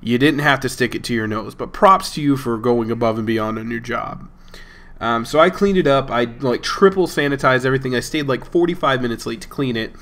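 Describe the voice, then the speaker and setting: A man's voice: mid-range voice, brisk, a bit bright. A young man hosting a gaming channel, telling a rambling, amused story in a casual tone and chuckling between lines. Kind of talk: casual storytelling over gameplay.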